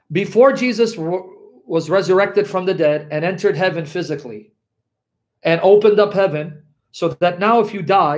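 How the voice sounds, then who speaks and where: A male preacher giving an impassioned Bible teaching to a live audience. He swings between loud and hushed and keeps checking in with his viewers. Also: high-pitched. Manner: talks straight to viewers with frequent check-ins.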